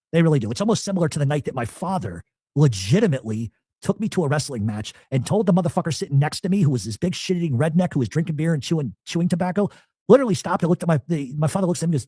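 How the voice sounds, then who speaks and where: A man's voice: fairly high pitch, husky, no room sound, clean studio sound. A man telling a long, profane family story in casual talk, animatedly acting out what people said. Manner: profane, animated, acts out quotes.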